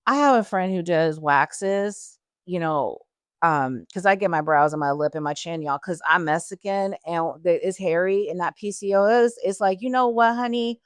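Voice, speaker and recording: A woman's voice: on the low side, moderate pace, smooth, no room sound, studio quality. A woman in her forties chatting casually as she tells her life story, talking straight to listeners and wandering off on tangents. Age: 40s. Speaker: guest sharing her story.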